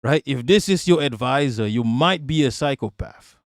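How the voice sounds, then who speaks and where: A man on a live stream ranting loudly and mockingly with heavy profanity. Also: medium pitch, expressive, normal speed, dry recording, studio quality. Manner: loud, mocking, profane, laughs often. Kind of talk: profane political rant on stream.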